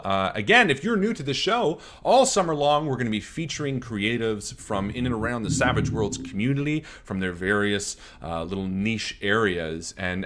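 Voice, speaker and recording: A man's voice: mid-range voice, bright, forceful tone. A man hosting a comedic online show, with hammy announcer flourishes and crude joking asides. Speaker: host.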